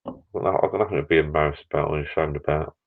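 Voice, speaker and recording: Older man, very deep voice, chatty live-stream host, slightly dull lo-fi sound. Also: fairly even intonation, very fast. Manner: rambling, chatty, sentimental. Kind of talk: casual chat. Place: backyard garden bar shed.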